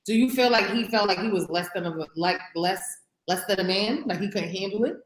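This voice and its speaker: A woman's voice: medium pitch, fairly quick. A young woman co-hosting a podcast, prompting her partner with questions and affirming what she says. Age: young adult. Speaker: podcast co-host. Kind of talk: casual chat. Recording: roomy echo.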